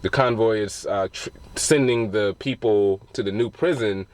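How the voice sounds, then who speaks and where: A male movie reviewer with a lowish voice gives a casual spoiler recap of a film at normal speed, cursing loosely and restarting his sentences often. The recording is dry.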